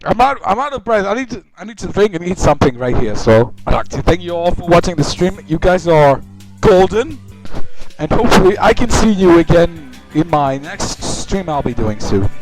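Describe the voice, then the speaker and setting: Excitable male streamer, high bouncy voice over loud clip music. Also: moderate pace, poor audio. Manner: excitable, yelling reactions, stumbling over words. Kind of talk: reaction livestream commentary. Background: music from the clips he plays.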